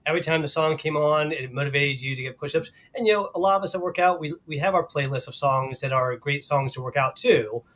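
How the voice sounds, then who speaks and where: A man's voice: a little high, fast talker, hardly any pauses, a bit bright. A man co-hosting a casual workplace live stream, upbeat and laughing often, with many fillers. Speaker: co-host of company live stream. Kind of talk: casual chat.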